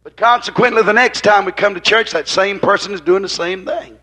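A man's voice: high voice, a little fast, sharp tone. A man preaching a fiery sermon in a church, driving his points home with rhythmic repetition that swells and drops in intensity.

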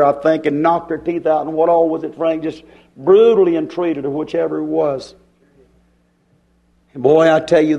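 High-voiced impassioned preacher man. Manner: folksy, impassioned, swings from shouting to quiet. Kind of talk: fiery sermon.

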